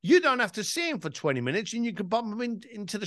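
Entrepreneur-type man, middle-aged, lively emphatic delivery, dry close mic. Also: sits high, quick pace, no echo. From East London, England. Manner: animated, emphatic, casual swearing. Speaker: podcast guest, entrepreneur and speaker. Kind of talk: conversational interview storytelling.

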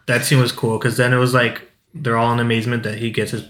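A man's voice: medium pitch, little pitch movement, fast talker, a bit bright, roomy sound. A man co-hosting a casual movie podcast, laid-back as he retells scenes. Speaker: podcast co-host.

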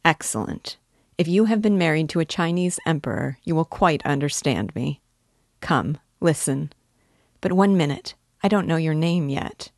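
A woman's voice: sits low, lively intonation, moderate pace, no echo, studio quality. A woman reading a shy, lonely young man. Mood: earnest. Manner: earnest, hesitant. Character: shy solitary young man, earnest and wistful. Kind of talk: audiobook character reading.

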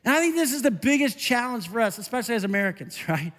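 A middle-aged male pastor preaching a conversational, animated sermon. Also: very high-pitched, fast, big-room sound. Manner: conversational, animated, self-interrupting with laughs.

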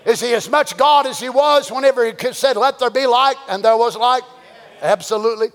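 A man preaching a sermon, swinging between folksy storytelling and shouted, drawn-out exhortation. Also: extremely high pitch, big-room sound. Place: church sanctuary.

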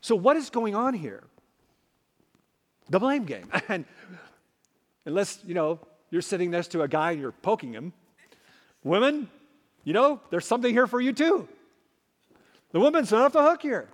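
A man preaching a sermon as a pastor, emphatic, swinging between loud and hushed. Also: sits high, big pitch swings, moderate pace, pauses often. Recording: long hall reverb.

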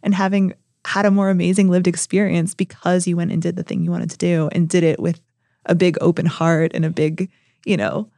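Woman host recapping the guest's stories, lowish voice, dry mic. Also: little pitch movement, a little fast, creaky, dark tone, dry recording. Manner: reflective, sums up the guest's points. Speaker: podcast co-host. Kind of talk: conversational interview.

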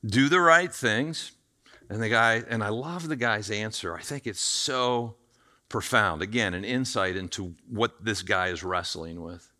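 A man preaching a conversational sermon, acting out the quoted voices with lively shifts in loudness. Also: lowish voice, unhurried. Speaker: pastor.

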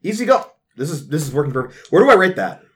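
A chatty man sits in on a tabletop game, his voice high and animated. He rambles through his thoughts and bursts out now and then. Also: fast talker. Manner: chatty, rambling, prone to outbursts. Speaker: player. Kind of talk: casual chat at a game table.

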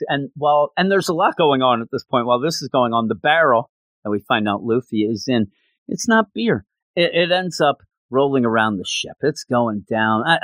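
A man giving a casual recap of an anime episode, telling it with animated, acted-out quotes. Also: mid-range voice, no room sound. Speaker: anime reviewer.

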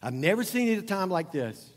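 A man's voice: high-pitched, very animated, fast talker. A man preaching a sermon as pastor, talking in a conversational, emphatic way and repeating phrases. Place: church sanctuary. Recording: long hall reverb.

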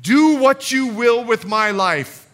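A preacher acting out a pleading humble beggar. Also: male voice, very high voice, animated, slow, a bit bright, full character voice. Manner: pleading, desperate. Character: humble pleading male beggar crying out for mercy.

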